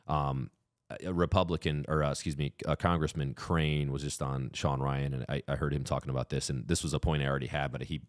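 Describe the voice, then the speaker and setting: A man co-hosting a podcast, talking politics in a heated, profane way that climbs into loud mock rants. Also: rumbling low, no room sound, studio quality. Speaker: podcast co-host. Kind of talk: casual political chat.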